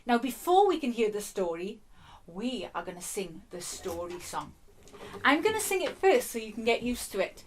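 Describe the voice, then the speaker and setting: A woman presenting a children's show, speaking in a gentle, encouraging way. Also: a little high, sing-song, normal speed. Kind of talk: children's song time. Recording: loud guitar accompaniment.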